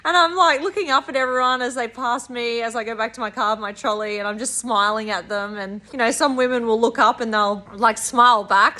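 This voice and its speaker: Woman, spiritual coach, casual vlog storytelling, enthusiastic, higher pitch, crisp bright tone. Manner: chatty and enthusiastic, full of "like".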